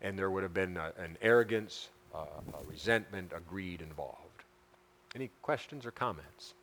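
A man teaching a Bible passage as a pastor, halting and repeating words, rising to urgent emphasis. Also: deep voice, expressive, creaky, a bit bright, a little hiss or hum. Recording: long hall reverb.

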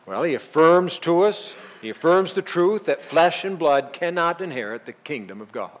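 A man's voice: fairly high pitch, lively intonation, moderate pace, long reverb tail. A man preaching a verse-by-verse sermon, teaching earnestly and emphatically, repeating key phrases. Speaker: pastor.

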